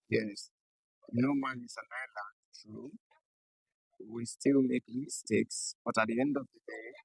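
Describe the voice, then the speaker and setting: Man, English teacher, gravelly voice, dry close sound. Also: medium pitch, no echo, low-quality recording. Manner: slow, deliberate, spells out letters and checks in with the class. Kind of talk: classroom lesson at a board.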